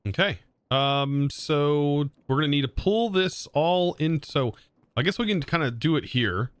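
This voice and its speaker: A man's voice: fairly high pitch, lively intonation, unhurried, smooth, no room sound. A young man streaming a game live, thinking aloud in a hesitant way and often correcting himself mid-sentence. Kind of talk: live gameplay commentary.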